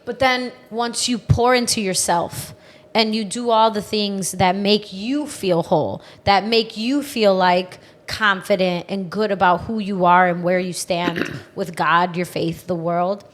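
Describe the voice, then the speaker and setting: A woman's voice: on the low side, steady tone, a little slow. A woman hosting a podcast, chatting casually and retelling book scenes with feeling. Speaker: podcast host. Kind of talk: casual chat.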